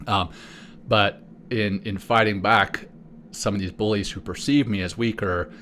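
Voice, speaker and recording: A man with a very deep voice, co-hosting a podcast in casual chat. He talks in a storytelling way, with the odd restart. A faint hiss sits under the recording. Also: steady tone, unhurried, a bit bright. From South Africa. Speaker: podcast co-host.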